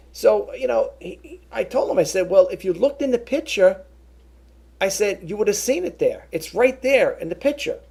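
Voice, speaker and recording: A middle-aged man rants to his vlog audience about a grievance, rambling and restarting his sentences as he quotes both sides of a phone call. His voice sits a bit high and sounds gravelly and husky. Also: a little mellow. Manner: repeats and restarts words, rambling. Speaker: vlogger. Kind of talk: casual ranting vlog.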